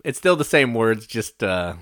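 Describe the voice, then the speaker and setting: Man, podcast co-host, low voice, dry close sound, joking banter. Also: very animated, a little slow, a bit bright, no room sound. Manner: jokey, agreeable banter. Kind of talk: casual chat.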